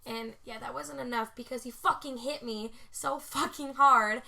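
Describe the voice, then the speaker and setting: A woman's voice: a little high, fairly even intonation, moderate pace, creaky, sharp tone. A young woman co-hosting a podcast, telling a story in casual chat, swearing a lot, laughing often and saying "like" constantly. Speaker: podcast co-host.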